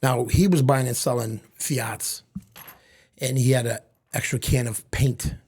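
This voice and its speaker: A middle-aged man from Lawrence, Massachusetts, telling stories from his childhood as a podcast guest and acting out quick bits of back-and-forth dialogue. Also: mid-range voice, fairly even intonation, a little mellow, breathy edge. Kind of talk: storytelling in casual conversation.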